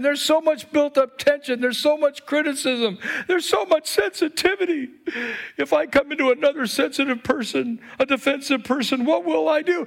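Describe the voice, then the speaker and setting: A man preaching an animated sermon as pastor in a church, urging the congregation to say lines back and whooping between them. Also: very high voice. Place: church with live stream. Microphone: microphone.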